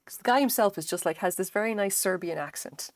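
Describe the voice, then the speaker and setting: A woman streamer chats casually while she crochets, her talk rambling and full of fillers and offhand swearing. Her voice sits at an ordinary middle pitch. The sound is dry and close, with no room echo. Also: quick pace.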